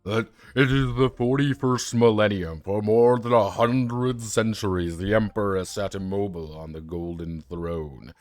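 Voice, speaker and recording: Solemn, low-voiced male narrator. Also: normal speed, few pauses, a little mellow. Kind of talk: dramatic scripted narration.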